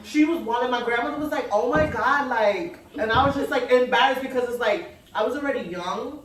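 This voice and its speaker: Young New woman, animated profane storyteller, a bit high, echoey distant sound with faint hiss. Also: a little fast. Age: young adult. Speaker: podcast guest. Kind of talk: casual chat. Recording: echoey room with faint noise, mic at a distance.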